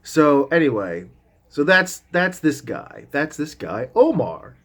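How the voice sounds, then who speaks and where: A man's voice: a little high, big pitch swings, slow pace, fairly bright tone. A man vlogging as he tells a rambling story in a loose, casual way, full of restarts and asides, with the odd swear word.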